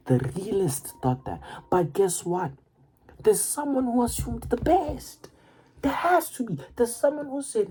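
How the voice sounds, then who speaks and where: A woman giving a casual, profane motivational rant, excitable and stammering as she repeats her words. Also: fairly high pitch, a little slow, slightly rough, poor audio. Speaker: motivational vlogger.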